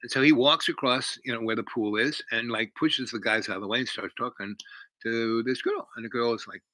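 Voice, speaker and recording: A man retells a story in a loose, casual way, looping back through fillers and half-finished sentences. His voice is bright and forceful, and the sound is dry and close. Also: mid-range voice, fairly even intonation, a little fast, no room sound, poor audio. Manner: rambling, many fillers and restarts. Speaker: host.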